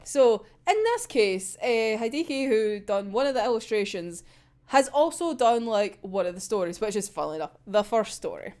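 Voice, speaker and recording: A woman's voice: mid-range voice, expressive, normal speed, a little mellow. A young woman chatting casually about manga, rambling, swearing freely and giggling often. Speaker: manga reviewer. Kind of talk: casual chat.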